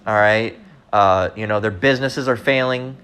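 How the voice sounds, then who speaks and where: A man's voice: lowish voice, normal speed, fairly bright tone, clean tone. A man preaching in a loose, rambling way, constantly saying "all right" and speaking bluntly with profanity. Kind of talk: informal religious teaching monologue.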